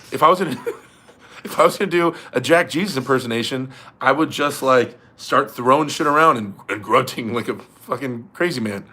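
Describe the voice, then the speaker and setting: A young man hosts a casual livestream, reading viewer comments in a relaxed way, laughing often and swearing casually. His voice is mid-range with a fairly bright tone.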